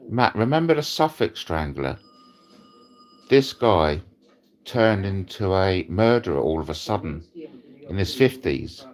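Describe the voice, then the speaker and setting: Brash British livestream host, low voice with big swoops, crude and swearing. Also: male voice, darkish tone. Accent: British English. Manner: crude, jokey, swears freely, wild pitch swings. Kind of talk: rambling livestream chat. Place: in bed at home.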